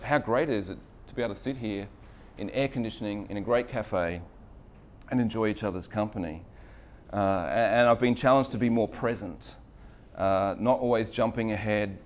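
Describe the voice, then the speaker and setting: A man's voice: fairly low pitch, slight background noise. A man giving an earnest, reflective faith talk in an air-conditioned cafe. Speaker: speaker sharing faith reflections.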